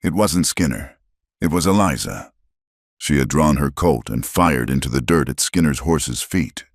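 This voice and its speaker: A man's voice: very deep voice, lively intonation, a little slow, no room sound, studio quality. A man giving dramatic scripted narration of a story.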